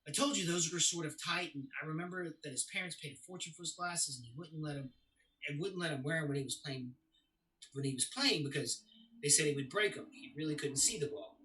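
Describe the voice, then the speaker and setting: A man's voice: fairly high pitch, a little fast, rough recording. An actor playing a young man who recounts his father's death in a confessional, storytelling way during a stage play reading. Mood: anguished. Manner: confessional storytelling, swings to loud anguish.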